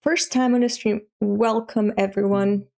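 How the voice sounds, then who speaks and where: A woman's voice: mid-range voice, fairly even intonation, a little slow, vocal fry, warm tone. A woman in her thirties from Europe, chatting casually on a live stream, laughing often and swearing offhand. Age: 30s.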